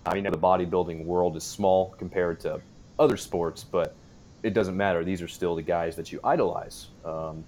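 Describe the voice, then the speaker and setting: Young male podcast host, low voice, eager fan of his guest, faint rumble behind. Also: a little mellow. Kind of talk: casual interview questions.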